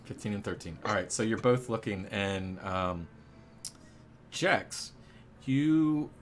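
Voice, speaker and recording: Man, game master narrating a tabletop session, low pitch, hesitant and rambling. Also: expressive, slow, a little hiss or hum. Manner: rambling, hesitant, many fillers.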